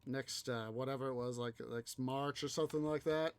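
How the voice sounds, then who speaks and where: A man doing a playful impression of an excited astronaut husband breaking big news to his wife. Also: medium pitch, normal speed, clear, resonant tone, lightly acted. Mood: teasing, excited.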